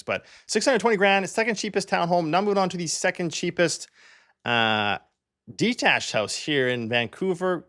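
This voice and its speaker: A man's voice: mid-range voice, a bit bright. A young man from Canada, a real estate agent, chatting casually as he walks through home listings and thinks aloud with plenty of fillers.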